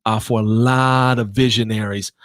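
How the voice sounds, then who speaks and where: A man hosting a live podcast stream, energetic and repetitive as he calls out to viewers. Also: fairly low pitch, moderate pace, no echo. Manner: exuberant, repeats himself, calls out to viewers. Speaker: podcast host.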